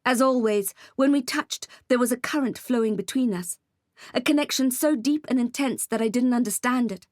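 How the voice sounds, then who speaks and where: A woman reads a first-person audiobook with intense, emotional delivery. Her voice sits a little high, and the recording is close and dry, with no room echo at all. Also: normal speed, a little mellow. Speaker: audiobook narrator.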